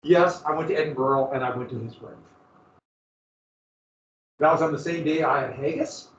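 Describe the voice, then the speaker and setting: A male teacher with a fairly high voice gives a casual, joking lecture at a moderate pace, often drifting into personal stories. The recording is roomy and dull, taken from a distant mic.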